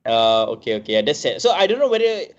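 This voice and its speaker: A man's voice: fairly high pitch, very animated, fast. A man co-hosting a casual wrestling podcast, conversational and hedging, often calling his co-host bro. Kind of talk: casual wrestling review chat. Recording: dull lo-fi mic.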